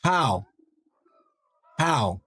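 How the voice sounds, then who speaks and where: Exasperated streamer with a lively, swooping voice. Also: medium pitch, extremely slow, husky, no room sound, clean studio sound. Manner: exasperated, repeats disbelieving questions, talks to chat. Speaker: streamer playing a battle royale game. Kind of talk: live gameplay commentary chatting with viewers.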